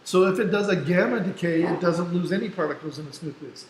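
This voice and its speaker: This male teacher gives a casual classroom lecture at a fast clip in a high voice, walking through each step and frequently asking "right?" He drops in self-deprecating asides, and the echoey room carries faint background noise.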